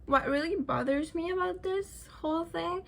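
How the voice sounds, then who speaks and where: A woman's voice: extremely high pitch, normal speed, creaky. A young woman whose first language is not English, chatting and ranting casually to camera in a vlog, laughing often and dropping into whispers. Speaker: vlogger.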